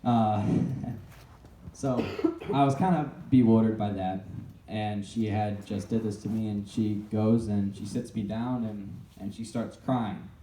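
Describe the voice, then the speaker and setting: A young man shares his personal story with a live audience, often halting and restarting his sentences. His low, very dark voice keeps a steady tone and sounds distant, as if picked up from across an echoey, reverberant room, with slight background noise.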